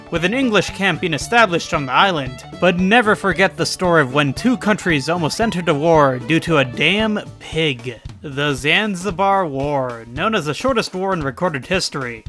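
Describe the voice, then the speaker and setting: A man with a bright, fairly high voice reads through a scripted history rundown. He breaks it up with dry, sarcastic quips. Soft music plays quietly behind him. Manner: wry, sarcastic asides. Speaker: video narrator. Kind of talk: scripted history narration with jokey asides.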